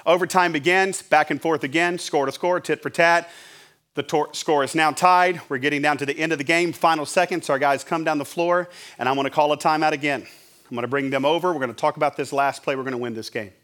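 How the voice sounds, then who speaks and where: Middle-aged pastor guy, kinda high voice, animated storytelling sermon. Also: a little fast. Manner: animated, acts out his own yelling at a referee.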